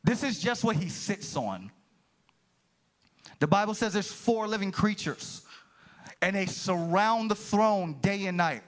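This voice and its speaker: A male pastor delivers an animated sermon straight to his congregation, sometimes erupting into shouts. His voice is high and a bit slow, with long pauses between lines.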